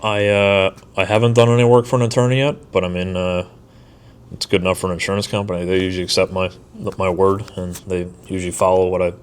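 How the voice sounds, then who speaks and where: A man talking as a guest in a casual podcast conversation, measured and hesitant, with many pauses. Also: sits low, level tone, clear, resonant tone. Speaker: licensed mold assessor, guest.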